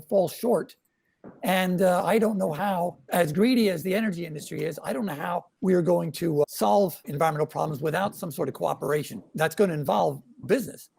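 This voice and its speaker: Gravelly, husky older man, hesitant. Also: sits high, a little mellow. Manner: hesitant, many uh fillers and restarts, wry. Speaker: guest cartoonist. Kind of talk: casual panel chat.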